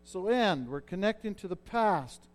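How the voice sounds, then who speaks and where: A middle-aged man with a notably high voice preaches a sermon. He talks like he's chatting with the congregation and often stops to ask if they're following. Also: lively intonation, moderate pace. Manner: conversational preaching, checks in with listeners. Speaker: pastor.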